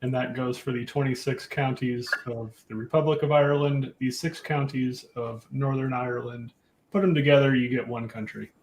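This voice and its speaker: A man's voice: mid-range voice, steady tone, moderate pace, darkish tone, rough recording. A man appearing as a guest economist on a podcast, speaking plainly and matter-of-factly. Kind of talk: casual chat. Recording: faint background noise.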